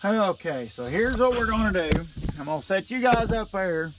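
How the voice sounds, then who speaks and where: A man's voice: high voice, sing-song, moderate pace. A middle-aged man, a logger grumbling and cussing under his breath as he talks to the camera while working on a steep wooded hillside. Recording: outdoor noise, chainsaw and insects.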